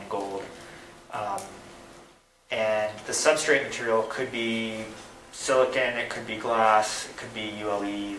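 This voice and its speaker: A man's voice: fairly low pitch, a bit bright, a little hiss or hum, rough recording. A man giving thoughtful, technical answers in an academic Q&A, with many small hesitations. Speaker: guest speaker answering questions.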